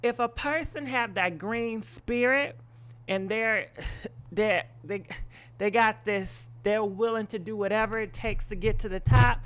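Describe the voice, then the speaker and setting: A woman's voice: mid-range voice, unhurried, a bit bright. A woman hosting a live gossip stream, giving blunt, opinionated commentary full of swearing and rambling asides. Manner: rambling with frequent ums and asides. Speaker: gossip show host.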